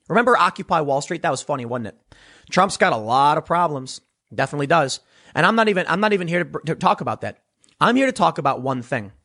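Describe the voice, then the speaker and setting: A male commentator holding forth in a sarcastic monologue. His voice sits high and sounds husky, and it rises and falls in big, lively swings. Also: quick pace. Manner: animated, sarcastic, mocking voices of others. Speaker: political commentator. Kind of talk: opinion monologue.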